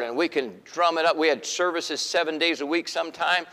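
A middle-aged man preaching a sermon in an animated way, acting out the voices he quotes. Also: fairly high pitch, brisk, long reverb tail. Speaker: pastor.

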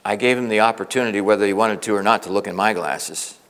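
Gravelly middle-aged preacher in a hall. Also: male voice, lowish voice, quick pace, fairly bright tone. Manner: earnest, conversational, with frequent restarts. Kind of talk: storytelling sermon. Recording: long reverb of a large hall.

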